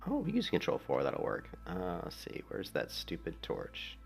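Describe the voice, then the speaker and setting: A man's voice: low-pitched, wildly swooping pitch, moderate pace, creaky, soft background music. A man chatting casually while playing a game, rambling, laughing often and swearing now and then. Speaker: gaming streamer. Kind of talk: casual gameplay commentary.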